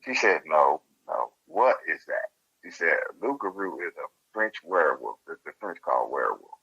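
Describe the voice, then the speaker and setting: A deep-voiced man, recounting events casually and with animation. His tone is bright and forceful. The audio is dull and lo-fi. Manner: animated, laughs while telling the story. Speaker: interview guest. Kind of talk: casual storytelling.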